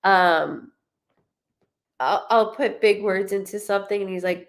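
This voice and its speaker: Chatty young medium lady, lots of vocal fry, laughs a lot and does lively quotes. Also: mid-range voice, moderate pace. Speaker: medium giving a reading. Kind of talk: live psychic reading, casual chat.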